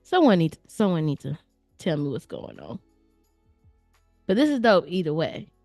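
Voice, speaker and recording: Chatty woman streamer, low voice, dry sound. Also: big pitch swings, moderate pace, a little mellow, no echo. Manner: chatty and playful, addresses viewers directly, slangy. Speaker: livestream host reviewing viewer artwork. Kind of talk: casual live-stream chat. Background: faint background music.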